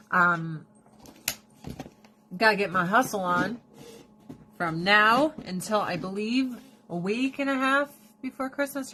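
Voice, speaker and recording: A woman in her thirties chatting casually to her viewers, swearing freely and ranting with animated storytelling. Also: mid-range voice, a little hiss or hum. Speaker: vlogger. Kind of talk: casual chat.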